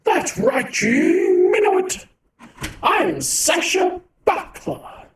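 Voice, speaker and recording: A flamboyant young woman showgirl from an aquarium act, stretching every word for the crowd, voiced by a man. His voice jumps far up and rings loud, slow and grand. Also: very high-pitched, huge pitch swings, roomy sound, noisy background, voice pushed up, heavily acted. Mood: showy. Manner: theatrical, drawn-out, punning.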